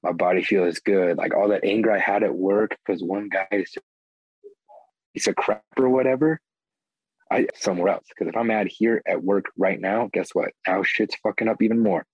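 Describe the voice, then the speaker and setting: A man's voice: fairly low pitch, fairly even intonation, normal speed, husky, dry recording. A man speaking as a guest in a casual interview, rambling with lots of filler words and blunt swearing. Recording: dull lo-fi audio.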